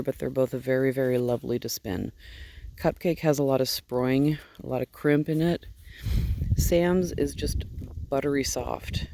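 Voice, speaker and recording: A woman sheep farmer with a husky morning voice, just up and chatting casually into a handheld phone outdoors at her barn, wandering off topic as she goes. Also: sits low, mellow. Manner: chatty and digressive, easily distracted. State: just woken up, yawning. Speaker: sheep farmer and fiber seller.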